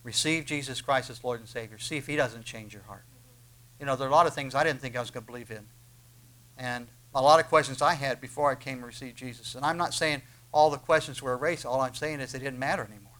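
A man preaching a sermon, telling the story dramatically, swinging from hushed asides to loud proclamations. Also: medium pitch, fast, rough recording. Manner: dramatic, acts out the story in quoted voices.

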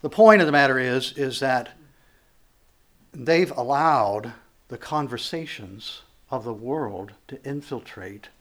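A man, a pastor, preaching a conversational sermon, acting out quotes and building to emphatic, raised passages. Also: mid-range voice.

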